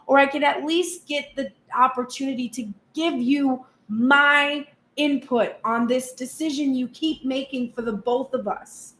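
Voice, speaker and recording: A woman's voice: high voice, unhurried, fairly bright tone. A woman tarot reader giving a channeled reading, speaking heatedly in first person as someone's partner. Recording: roomy echo, faint background hum.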